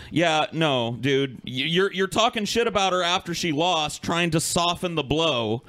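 A man's voice: on the high side, lively intonation, measured pace, hardly any pauses, fairly bright tone. A man co-hosting a podcast who makes sardonic, mocking remarks in casual chat. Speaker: podcast co-host.

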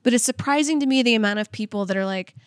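A woman's voice: on the high side, very fast, dry recording, studio quality. A young woman co-hosting a podcast, telling stories casually with lots of "like" and acted-out quotes. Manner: chatty storytelling, filler "like", acts out quotes. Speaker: podcast co-host. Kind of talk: casual chat.

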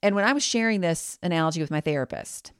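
A woman's voice: fairly low pitch, expressive, fast, clear, resonant tone, no room sound, clean studio sound. A woman hosting her own podcast, giving a candid, reassuring pep talk. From United States. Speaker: podcast host.

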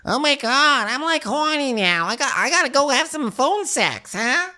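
Brief: a man playing a giddy, high-pitched, gushing woman reality star, breathless and loud. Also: very animated, moderate pace, full character voice. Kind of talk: comic impression in casual chat.

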